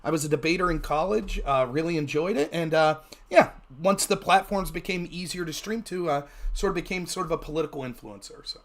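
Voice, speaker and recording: Animated, higher-voiced male commentator. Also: brisk, hardly any pauses. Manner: animated, jumps sharply in pitch when greeting. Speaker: guest political commentator. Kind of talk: casual interview talk.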